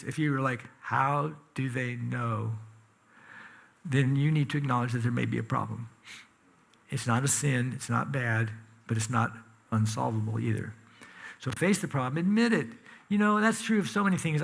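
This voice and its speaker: A man's voice: medium pitch, normal speed, creaky, a bit bright. A man preaching a sermon in a church, talking conversationally and with emphasis, asking the congregation questions. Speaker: pastor. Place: church sanctuary.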